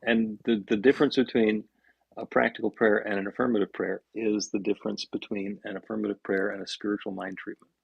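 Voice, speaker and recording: A man co-hosting a podcast as a minister, explaining in a halting way and often restarting his words. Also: fairly low pitch, level tone, no echo, muffled recording. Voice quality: gravelly, husky.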